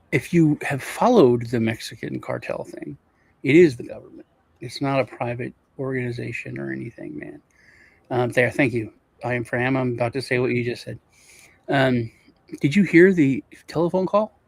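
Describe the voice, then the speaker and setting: A man with a gravelly, fry-heavy voice rambles through casual chat, stumbling over restarts and repeating himself. He was recorded close and dry, with no room sound. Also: mid-range voice, moderate pace, pauses often, no room sound. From Europe. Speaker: co-host.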